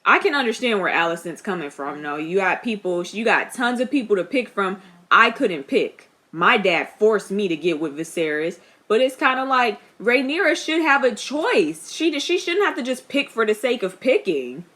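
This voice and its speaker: A young woman giving casual reaction commentary. She is chatty and expressive, laughs often, and talks back at the screen. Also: medium pitch, normal speed. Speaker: reaction vlogger.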